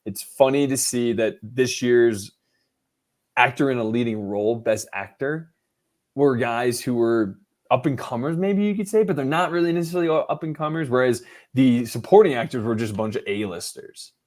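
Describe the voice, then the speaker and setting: A man co-hosting a casual podcast, telling stories with lots of energy. His voice sits at an ordinary middle pitch. He jumps in and out of impressions as he retells what happened. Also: moderate pace. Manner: animated storytelling, acting out quotes. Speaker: podcast co-host. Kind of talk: casual chat.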